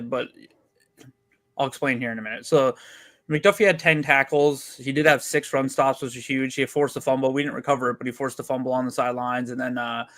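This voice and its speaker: A man co-hosting a casual sports chat over a remote call, giving steady, measured analysis. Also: mid-range voice, dry recording. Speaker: podcast co-host.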